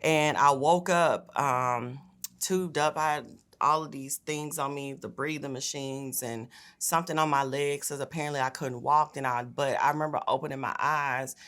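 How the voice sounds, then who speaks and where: A woman's voice: extremely low pitch, fairly even intonation, normal speed, a bit bright. Young woman telling a personal story. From Memphis, Tennessee. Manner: earnest, conversational, with many fillers. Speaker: state senator. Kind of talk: personal testimony.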